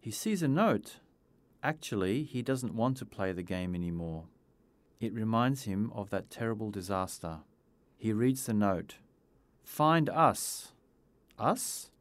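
A man reading a simple story aloud in a clear storytelling manner. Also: on the low side, lively intonation, normal speed, darkish tone, no room sound. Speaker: narrator. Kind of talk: scripted storybook narration.

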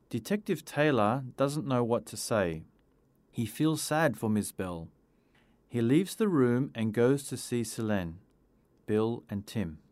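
A man reading a simple story aloud in a clear storytelling manner. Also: medium pitch, lively intonation, takes it slowly, darkish tone, no echo. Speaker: narrator. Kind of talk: scripted storybook narration.

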